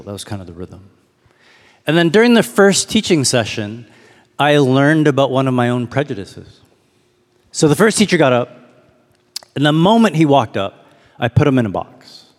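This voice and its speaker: A man giving a sermon as a pastor, in a casual storytelling manner that leans on rhetorical questions. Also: medium pitch. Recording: long hall reverb.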